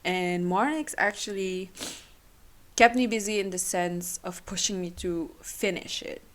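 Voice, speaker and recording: Young woman, podcast host, tearful, halting speech, fairly low voice. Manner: emotional, halting, with restarts. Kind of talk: personal solo podcast.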